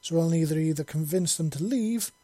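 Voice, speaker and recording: A man's voice: fairly high pitch, a little fast, warm tone, slightly rough, dry recording. A man voicing an armored soldier leading his squad in a decisive, matter-of-fact way.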